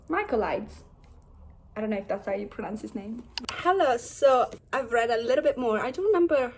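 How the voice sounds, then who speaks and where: A woman's voice: a little high, slightly rough. Bubbly young woman vlogging about books. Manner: bubbly, chatty, animated. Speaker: book vlogger. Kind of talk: casual reading vlog. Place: home, indoors.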